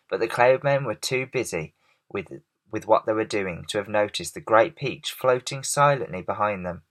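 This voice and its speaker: A man reading a children's storybook aloud in an expressive, measured way. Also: fairly low pitch.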